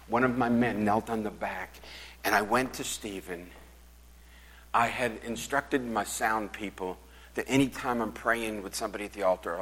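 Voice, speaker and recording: Older pastor with husky forceful voice. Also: male voice, fairly low pitch, big-room sound, rough recording. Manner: swings from loud preaching to hushed whispers. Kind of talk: sermon storytelling.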